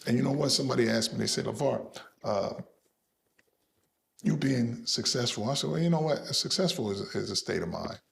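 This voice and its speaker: Middle-aged guy bragging in an interview, gravelly voice, swings up high when he quotes folks. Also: brisk, slight background noise. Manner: boastful, lively, acts out quoted voices. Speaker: interview guest. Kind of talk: animated storytelling in an interview.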